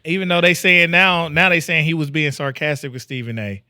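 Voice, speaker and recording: A man's voice: on the high side, steady tone, fairly quick, bright, forceful tone, clean tone, no echo, clean studio sound. A young man, hosting a podcast in casual chat, joking, laughing often and retelling stories. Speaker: podcast host.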